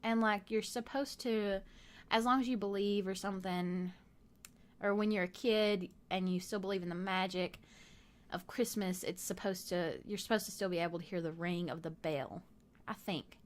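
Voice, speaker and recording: A woman's voice: medium pitch, steady tone, normal speed. A young woman with a Southern US accent, chatting casually and rambling off topic while narrating her game build. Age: young adult. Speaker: gaming video creator.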